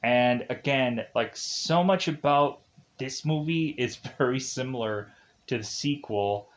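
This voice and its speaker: Slow, rambling man recapping a film. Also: medium pitch. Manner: rambling, heavy use of "like". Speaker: film reviewer. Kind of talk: casual plot recap.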